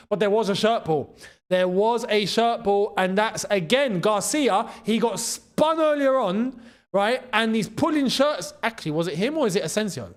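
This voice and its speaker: A young man with a London accent hosting a live football watchalong, chatting in slang and breaking into excited shouts at big chances. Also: sits high, normal speed. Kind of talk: live match watchalong commentary.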